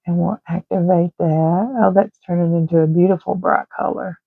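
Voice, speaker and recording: A woman's voice: fairly low pitch, steady tone, normal speed, vocal fry, slightly rough, dry recording. A woman, chatting and rambling casually while she colors, sometimes drifting into murmurs. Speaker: art channel host. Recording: tinny phone-like dry sound.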